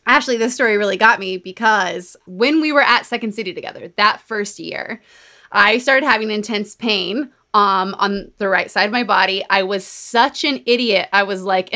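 A woman podcast host in casual chat, telling stories in a chatty, animated way. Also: fairly high pitch. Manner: chatty, animated storytelling with laughs and quoted voices. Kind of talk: casual chat recapping a book.

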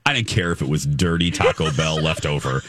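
A man co-hosting a casual chat, telling a story in an animated, playful way. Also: extremely low pitch, fairly quick, breathy edge.

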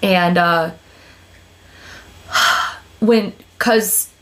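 A young woman hosting a podcast in casual chat, telling animated stories with swearing and frequent laughter. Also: on the low side, extremely slow. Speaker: podcast host.

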